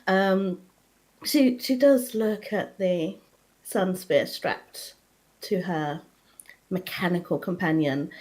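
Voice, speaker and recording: A woman playing a tabletop game, narrating her character in an unhurried, chatty way. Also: fairly low pitch, a little mellow, low-quality recording. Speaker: player. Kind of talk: casual tabletop role-play.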